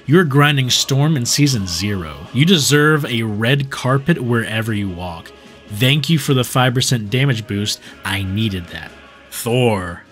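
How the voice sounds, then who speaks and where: A man giving a scripted, sarcastic voice-over that roasts players in a deadpan way. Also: medium pitch, a little slow, faint music behind. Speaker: gaming video creator.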